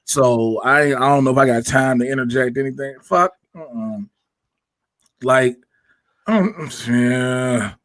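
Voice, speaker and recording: Brief: young Chicago man, podcast host, loose profane chat, animated, dry close sound. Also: medium pitch, unhurried, dry recording. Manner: profane, laughing, animated storytelling. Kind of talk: casual chat.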